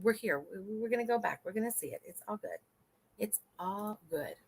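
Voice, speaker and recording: A woman's voice: medium pitch, animated, fairly quick. A woman hosting a casual live stream, chatty and laughing often, swearing freely and talking to her chat.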